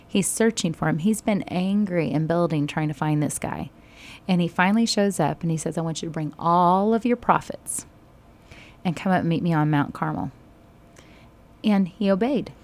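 A woman teaching a Bible study, retelling scripture in conversation with sudden animated bursts. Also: lowish voice, normal speed.

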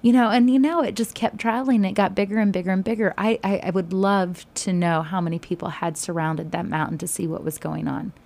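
A woman teaching a Bible study, retelling scripture in conversation with sudden animated bursts. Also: fairly low pitch, a little fast, gravelly, hardly any pauses.

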